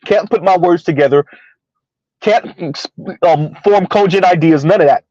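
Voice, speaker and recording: A man from the US South, with a voice that sits high and a darkish tone, speaks a little slowly in a lo-fi recording with no room sound. As a commentary streamer, he delivers sarcastic, mocking reactions and reads out chat comments.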